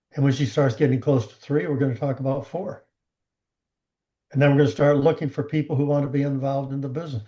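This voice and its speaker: A man giving a motivational coaching talk on a team call, animated, acting out the conversations he retells. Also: a little high, lo-fi sound. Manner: animated storyteller who acts out quoted conversations.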